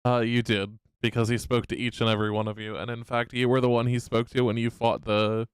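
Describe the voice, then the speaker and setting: Man, game master, smooth clear voice, dry close mic, playful. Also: mid-range voice, flat delivery, brisk, dry recording. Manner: playful, laughs often while narrating. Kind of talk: narrating a tabletop game.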